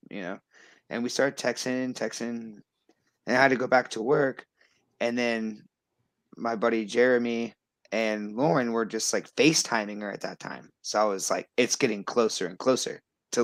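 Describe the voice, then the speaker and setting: A man's voice: medium pitch, no echo. Guy in his 30s telling a story, dry close sound, lots of likes and ums. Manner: animated storytelling, lots of fillers. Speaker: guest. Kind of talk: casual chat.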